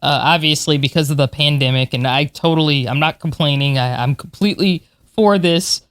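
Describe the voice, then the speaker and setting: A woman's voice: low voice, a little fast, dry recording. A woman in her forties, a podcast co-host and space historian, talking in an enthusiastic, chatty way. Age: 40s. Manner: enthusiastic, chatty, laughs often. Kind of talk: casual chat.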